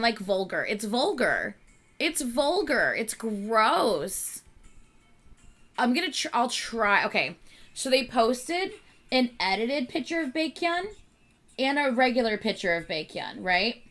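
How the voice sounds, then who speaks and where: Bright, high-voiced woman ranting to viewers. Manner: animated, exasperated ranting. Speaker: channel host. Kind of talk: casual chat with viewers.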